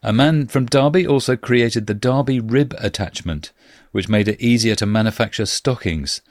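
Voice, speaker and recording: A man's voice: mid-range voice, moderate pace, no room sound. A man hosting a casual podcast, reading out local facts with frequent filler sounds and dry jokes. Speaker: podcast host.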